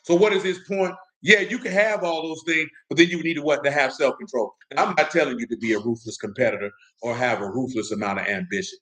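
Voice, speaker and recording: A man's voice: mid-range voice, fast, few pauses, fairly bright tone, poor audio. A young man preaching in a loose, conversational way, mixing stories and slang and often asking if listeners follow him. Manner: street-casual, asks "you know what I'm talking about?". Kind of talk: casual sermon with storytelling.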